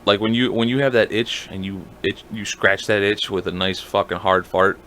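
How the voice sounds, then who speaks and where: A man co-hosting a podcast, talking in an animated, profane, joking way in casual chat. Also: on the low side, moderate pace. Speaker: podcast co-host.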